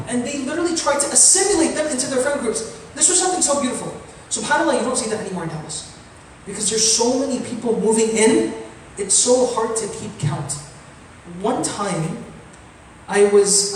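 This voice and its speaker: A man's voice: high-pitched, slight background noise. A man giving a sermon-style talk as an imam, an earnest storyteller who builds to impassioned appeals. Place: large mosque hall. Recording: very echoey hall from far off.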